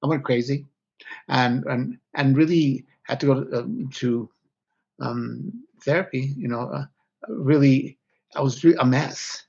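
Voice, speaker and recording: A man's voice: medium pitch, measured pace, vocal fry, darkish tone, husky. A man, a guest author, speaking candidly and reflectively in an interview, often breaking off mid-thought. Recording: slightly dull lo-fi audio.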